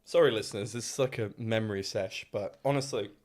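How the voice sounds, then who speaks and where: A man co-hosting a podcast, telling stories in a casual, animated way, often mimicking other people's voices and laughing as he talks. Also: lowish voice, a little fast. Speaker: podcast co-host. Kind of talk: casual storytelling chat.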